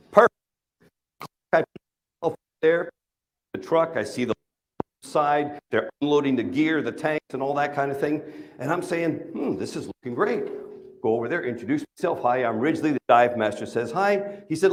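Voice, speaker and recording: A man telling a funny personal story to a live conference audience, often asking the crowd questions. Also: on the high side. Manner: animated, asks the audience questions, jokes. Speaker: keynote speaker. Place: conference stage.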